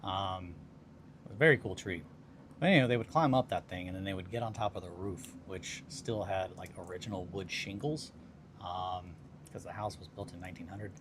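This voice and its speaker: A man's voice: deep voice, a little fast. A man in his thirties hosting a hobby stream, chatting casually in a rambling, self-deprecating way while he works on miniatures. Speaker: hobby livestream host. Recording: noticeable background noise.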